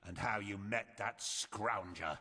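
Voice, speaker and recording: An actor playing a grumpy old male scholar-mage who talks down to others in a husky, scolding way. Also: on the low side, slow, bright, forceful tone, big-room sound, exaggerated voice. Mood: curious. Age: older. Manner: condescending, scolding.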